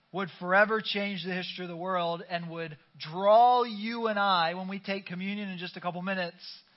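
A man's voice: high voice, dull audio. A pastor preaching a conversational sermon to his congregation, urging them to call back their response. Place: church sanctuary.

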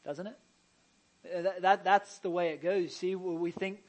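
A pastor delivers a sermon in a lifted, high-pitched voice. He talks to the room like a conversation, doubling back on his words and then driving points home with loud emphasis. Now and then he drops in a joke for the congregation. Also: steady tone, moderate pace, low-quality recording. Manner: conversational preaching with repeated restarts and sudden loud emphasis; jokey asides to the congregation.

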